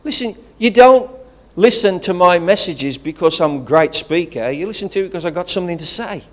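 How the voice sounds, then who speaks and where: A man's voice: high voice, animated, fairly quick. A man with a regional English accent, preaching a sermon as pastor, rousing and conversational, with calls of praise. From England.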